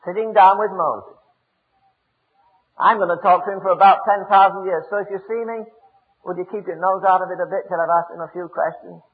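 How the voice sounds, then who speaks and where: A man's voice: sits high, fairly even intonation, fairly quick. A man preaching a sermon in a church, emphatic and repeating words as he drives his points home. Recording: echoey hall, tinny phone-like sound.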